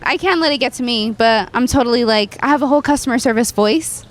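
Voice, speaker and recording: A woman's voice: on the high side, fast talker. A young woman being interviewed outdoors on a city street, talking candidly about her job and swearing freely. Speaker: interviewee, warranty admin and nursing student.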